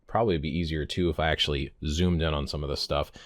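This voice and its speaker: A pagan vlogger, a man in his fifties, chats casually into the camera, rambling, stumbling and pausing to fix what he said. He has a bass voice with fairly even intonation and a quick pace, captured in studio quality without echo.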